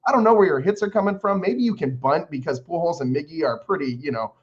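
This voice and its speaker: A man's voice: a little high, lively intonation, fast talker. A man co-hosting a casual sports podcast, talking with playful, boastful banter. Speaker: podcast co-host. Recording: dull lo-fi sound.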